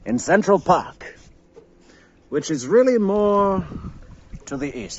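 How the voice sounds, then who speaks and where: A man talking playfully to his pet in a slow, drawn-out sing-song voice, teasing and affectionate, as a livestream host. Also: a little high, very animated, slight background noise. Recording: dull lo-fi audio.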